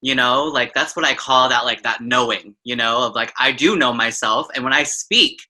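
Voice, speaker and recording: Bright-voiced trans woman host. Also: extremely low pitch, moderate pace. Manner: effusive, rambling with many "like" and "you know" fillers. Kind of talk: casual interview conversation.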